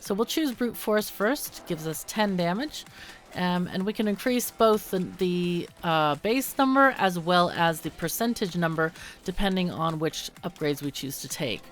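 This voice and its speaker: Chatty woman with lively, lowish voice. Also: a little slow, soft background music. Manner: chatty, lots of ums and self-corrections. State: hiccuping. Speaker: gaming channel host. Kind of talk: casual let's-play commentary.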